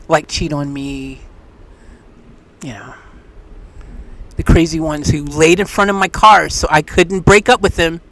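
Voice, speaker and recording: A live-stream host chatting casually with viewers, telling stories in a rambling, animated way. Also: medium pitch. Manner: rambling, animated storytelling with restarts. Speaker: livestream host.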